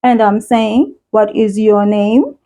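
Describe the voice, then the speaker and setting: A woman's voice: mid-range voice, slow pace, dark tone, poor audio. A woman with a South African accent teaching a beginner language lesson for children, speaking in a patient, encouraging way.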